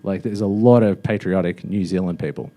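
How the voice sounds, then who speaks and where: A man's voice: deep voice, brisk, dark tone. A young man doing a mocking stand-up roast in a comedy club, with a loose, offhand delivery full of fillers. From Australia.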